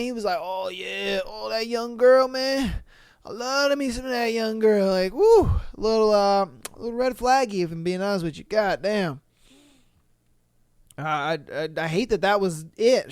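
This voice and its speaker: Guy podcast host reading stories then ranting, slangy and cussing, slow and drawn out, super dry close sound. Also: high-pitched, clear, resonant tone, dry recording. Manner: animated, slangy and profane, trading reading for rants. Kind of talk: reading listener stories and reacting.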